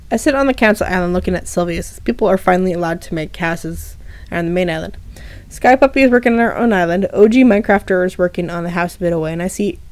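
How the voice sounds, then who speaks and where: Lowish woman reading her story aloud. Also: a little mellow, dry recording. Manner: casual asides with fillers between story passages. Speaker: storyteller reading her own fan fiction.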